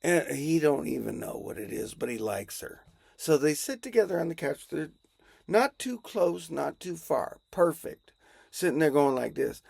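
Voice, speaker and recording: A man's voice: fairly high pitch, very animated, normal speed, gravelly, darkish tone, husky, dry recording, studio quality. A man improvising a comic story in a casual, rambling way, chuckling and correcting himself as he goes.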